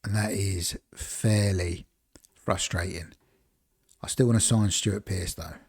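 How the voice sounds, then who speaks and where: A man with a fairly low voice talks his way through a football management game on a live stream. He rambles in a relaxed, chatty way, musing aloud over team picks and breaking off to greet his viewers. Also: slow, slightly rough. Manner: rambling, chatty, talks to chat between choices. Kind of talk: casual live-stream commentary.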